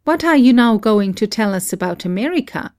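A woman reading the lines of a serious, reserved male novelist in a measured, dry way, close to her own voice. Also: fairly high pitch, expressive, darkish tone, no echo, close to an everyday voice.

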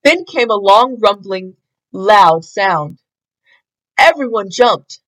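Slow, expressive woman reading a picture book. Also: medium pitch, poor audio. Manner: expressive, deliberate. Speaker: storybook reader.

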